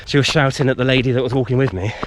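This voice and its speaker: A man's voice: medium pitch, very fast, noisy background. Man telling a story on a run. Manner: rambling, animated retelling with frequent fillers. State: slightly tired from running. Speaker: vlogger. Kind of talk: casual storytelling while out running. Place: outdoors in a wood.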